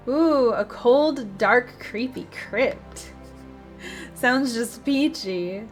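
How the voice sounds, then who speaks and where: A woman's voice: a little high, expressive, extremely slow, soft background music. A woman hosting a game walkthrough, chatty and playful, with sarcastic asides. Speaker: gaming video host.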